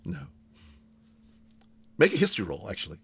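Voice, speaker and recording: A man running a tabletop game, talking in a halting, playful way with plenty of fillers. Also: deep voice, a bit bright. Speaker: game master. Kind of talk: tabletop game narration and role-play.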